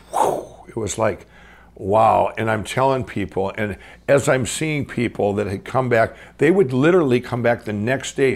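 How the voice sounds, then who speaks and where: A middle-aged man from Minnesota telling his own life story off the cuff, rambling with many restarts and swinging between excited and hushed. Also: lowish voice, gravelly. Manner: rambling, full of restarts and "I'm going". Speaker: guest storyteller. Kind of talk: unscripted personal storytelling.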